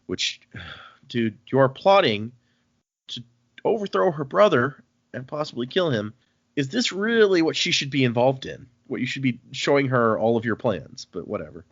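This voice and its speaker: A man co-hosting a book-club podcast, recapping chapters with animated, exasperated asides. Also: medium pitch, normal speed, breathy edge, no echo, dull audio. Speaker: podcast co-host. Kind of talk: casual book-club chat.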